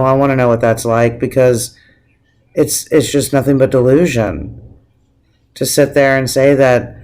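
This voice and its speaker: A man's voice: mid-range voice, smooth. A man on a casual video blog, ranting emotionally, teary-eyed and swearing freely, with frequent restarts. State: teary, on the verge of crying. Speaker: vlogger. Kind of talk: casual opinion rant to camera.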